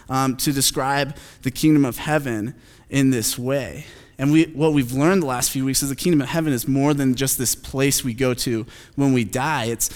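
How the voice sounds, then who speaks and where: Laid-back preacher guy, kinda high voice, super clear, big echoey church hall. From Phoenix, United States. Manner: conversational, self-deprecating, frequent fillers. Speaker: pastor. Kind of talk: sermon. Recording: long hall reverb.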